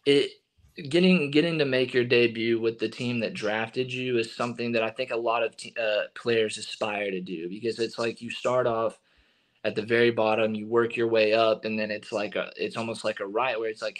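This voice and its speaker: A young man from Texas, a baseball pitcher, telling stories in a casual interview and acting out what others said. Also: normal speed. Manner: animated storyteller, acting out quotes.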